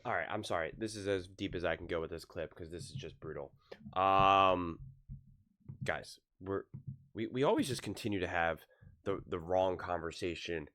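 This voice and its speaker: Man, reaction commentary, exasperated, rambling, low voice. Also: normal speed, fairly bright tone. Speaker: YouTube sports commentator.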